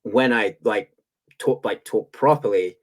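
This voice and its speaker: An English man from England co-hosts a podcast in a fairly low voice at a measured pace. He chats casually and rants playfully, often restarting his sentences.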